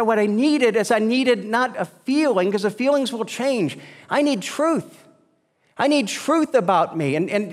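High-voiced pastor preaching in a reverberant church. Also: male voice. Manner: earnest, repeats words while restarting. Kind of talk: sermon. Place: church sanctuary. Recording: long church hall reverb.

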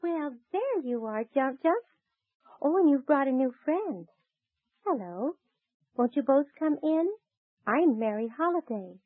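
A kind young lady speaks gently and in a motherly way in a high voice. It is 1940s radio acting on a tinny, phone-like, dry old transcription. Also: very animated, measured pace, long pauses, dry recording. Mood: gentle. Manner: gentle, motherly, soft laughs.

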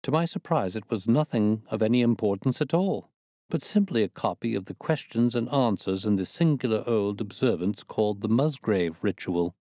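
Man reading an old detective story, lowish voice that moves a lot, dry close mic. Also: no echo. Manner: measured, expressive reading.

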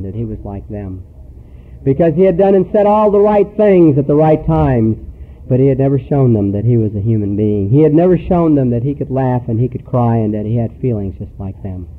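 A man's voice: medium pitch, slight background noise. Earnest man telling a story, tinny recording. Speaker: speaker at a recovery meeting. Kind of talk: personal recovery talk.

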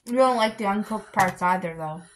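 A woman chatting casually in short, quiet, dry replies. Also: mid-range voice, fairly quick, a little hiss or hum. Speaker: friend visiting. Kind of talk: casual chat.

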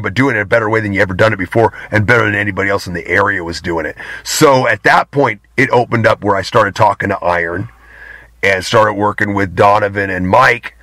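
A man speaking as an interview guest, candid and loose, drifting from point to point and swearing in passing. His voice is bright and forceful. The sound is dry, with no room around it. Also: fairly low pitch, dry recording. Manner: candid, rambling, swears casually. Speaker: guest, pro wrestler. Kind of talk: casual interview talk.

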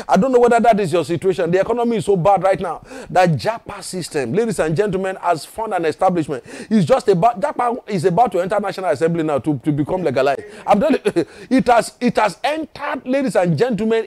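Male pastor from Nigeria, high voice, emphatic repetitive sermon delivery with rhetorical questions. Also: expressive, a little fast, a little mellow.

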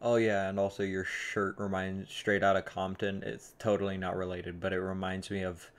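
A man's voice: deep voice, level tone, normal speed, few pauses. A man hosting a casual song reaction video, talking in a hesitant, rambling way and often correcting himself mid-sentence. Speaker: host reacting to songs.

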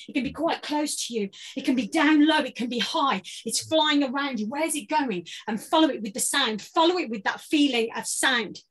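A British woman leading a guided vocal warm-up workshop, giving playful, encouraging instructions. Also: sits high, moderate pace, few pauses. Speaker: voice workshop leader.

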